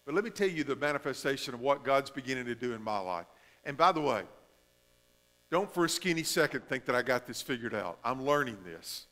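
A male pastor preaching a sermon, shifting between emphatic stretches and hushed, drawn-out phrases. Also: medium pitch, animated, in a large hall.

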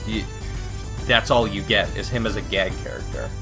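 A man casually commenting on a game, reading its lines aloud, swearing and joking with sudden loud outbursts. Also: lowish voice, normal speed, music in the background. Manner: profane, joking, animated outbursts. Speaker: let's play commentator.

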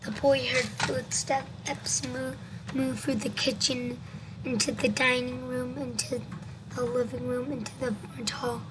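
A woman reading a scary story aloud, halting and restarting as she goes. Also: sits high, little pitch movement, noisy background. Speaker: story reader.

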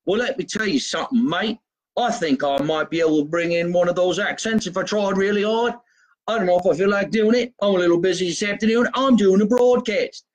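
A man putting on a mock British accent to play a comic posh gentleman, in a hammy, exaggerated, sing-song way, recorded in a home basement. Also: high voice, fairly quick, pitched above the performer's own voice, natural voice, low-quality recording.

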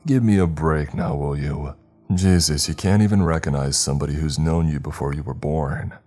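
A man's voice: extremely low pitch, normal speed, dark tone, soft background music. A man voicing a cruel, mocking unseen spirit who claims to be the narrator's brother, with a sneering, taunting manner.

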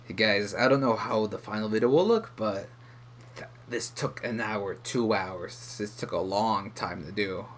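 A man giving excitable let's play commentary as a gaming YouTuber, muttering and groaning at the game. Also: lowish voice, unhurried, a little hiss or hum. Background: game music.

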